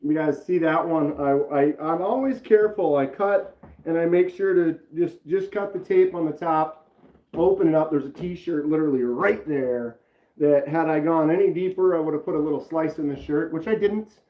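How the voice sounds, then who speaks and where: A knife-channel live streamer chats casually, rambling and greeting viewers from the chat by name. His voice is a little high and moderately paced, and the sound is roomy and slightly dull.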